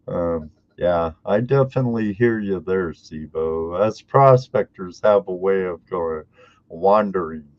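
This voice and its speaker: A man's voice: low voice, expressive, dry recording, dull audio. A man from Washington state, a prospector guest, telling rambling stories in a casual chat. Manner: slow rambling storyteller.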